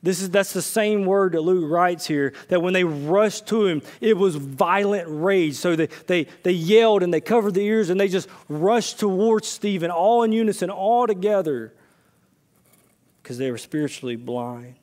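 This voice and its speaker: At a moderate pace, a male pastor gives a conversational sermon that swings from excited, loud passages to soft, low side remarks, with personal stories threaded throughout.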